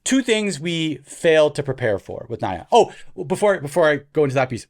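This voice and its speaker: A man's voice: on the high side, big pitch swings, brisk. A man in his thirties, co-hosting a podcast, tells a long story in a loose, rambling way full of fillers. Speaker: podcast co-host. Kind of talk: casual chat.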